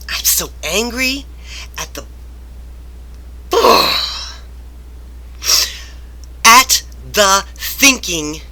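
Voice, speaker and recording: A woman vlogger with a medium-pitched, sharp-toned voice rants to camera about work. Her exasperated, rambling complaints turn self-reflective along the way.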